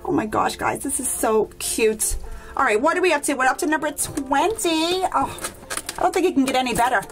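A woman's voice: high voice, fairly quick, faint music behind. A woman hosting a toy unboxing vlog, gushing with enthusiasm and talking to her viewers as guys. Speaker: toy unboxing channel host.

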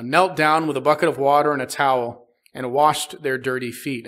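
A man's voice: on the high side, fairly bright tone. A man preaching a sermon as a pastor, reading scripture and explaining it plainly with frequent "uh" fillers. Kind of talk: expository sermon. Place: church sanctuary.

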